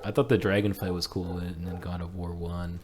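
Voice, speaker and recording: A man's voice: deep voice, little pitch movement, normal speed, a loud crowd. A man hosting a casual podcast chat, laughing often and rambling. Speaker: podcast host.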